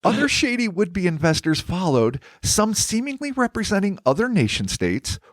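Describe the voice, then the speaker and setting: A man's voice: sits high, big pitch swings, moderate pace, no echo, studio quality. A man co-hosting a podcast, reading a paranormal story from a script and breaking off into wry, profane banter. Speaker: podcast co-host.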